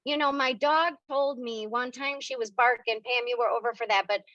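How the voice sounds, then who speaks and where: This spiritual medium has a fairly high, slightly bright voice and talks at a moderate pace while hosting a members' Q&A on a video call. She's chatty and animated, acting out the conversations she recounts. The recording is dry, with dull, lo-fi video-call quality.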